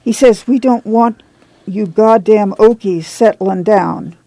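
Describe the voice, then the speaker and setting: A woman's voice: medium pitch, slow pace, mellow, dry recording, pitched above the performer's own voice. A woman voicing a tough, weary migrant mother with a folksy rural drawl, read for an audiobook. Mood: worried. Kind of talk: audiobook dialogue reading.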